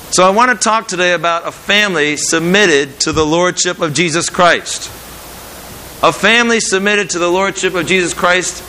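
A middle-aged man preaching a sermon in a measured, earnest way, repeating key phrases for emphasis. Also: high voice, pushed and bright, a little hiss or hum, rough recording.

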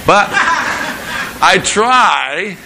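A middle-aged man preaching a sermon in a measured, earnest way, repeating key phrases for emphasis. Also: high-pitched, big pitch swings, gravelly, noisy background.

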